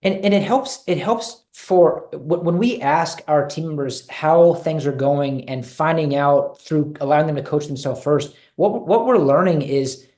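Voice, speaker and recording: A man's voice: fairly high pitch, a little slow, few pauses, a little mellow, roomy sound. A man presenting in a leadership webinar, talking earnestly and repeating key phrases for emphasis over a video call. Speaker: guest speaker on leadership.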